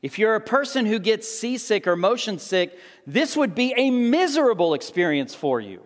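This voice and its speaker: A man's voice: high voice, sing-song, normal speed, long reverb tail. A pastor preaching a sermon in a conversational way, acting out the people in the story as he reads and explains. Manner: conversational, acts out the disciples' voices.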